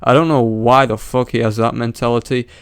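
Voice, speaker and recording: A man delivers swearing, mocking commentary on a viral clip in a flat, monotone voice. His voice is smooth and clear. It is recorded close to the mic in a dry room. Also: mid-range voice, a little fast, dry recording. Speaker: reaction video commentator. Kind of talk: sarcastic reaction commentary.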